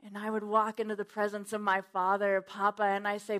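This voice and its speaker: Woman preacher, emphatic sermon delivery, bright and forceful tone. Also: mid-range voice, monotone, brisk, few pauses. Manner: fervent, emphatic, swinging from loud to hushed. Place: church.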